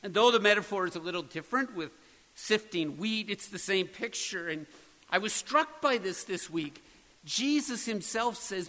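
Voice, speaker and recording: A man's voice: high voice, lively intonation, normal speed, pushed and bright, in a large hall, rough recording. A man preaching a sermon, earnest and building to emphatic peaks. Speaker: pastor.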